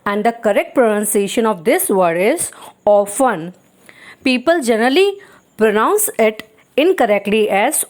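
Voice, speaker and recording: A woman's voice: a little high, big pitch swings, moderate pace, a little mellow. A woman teaching English pronunciation, repeating words and quizzing her viewers with questions. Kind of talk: pronunciation lesson.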